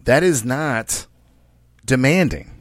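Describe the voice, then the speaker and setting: With a mid-range, lively voice and a slow pace, this man hosts a podcast, speaking brashly, preachily, and with profanity while often talking straight to his audience. The studio recording is clean with no echo.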